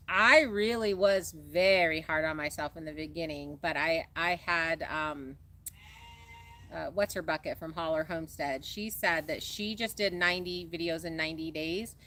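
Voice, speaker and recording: A woman's voice: lowish voice, pushed and bright, a little hiss or hum. A woman co-hosting a casual livestream, chatting animatedly, laughing easily and reading viewer comments aloud. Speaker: co-host of a farm livestream.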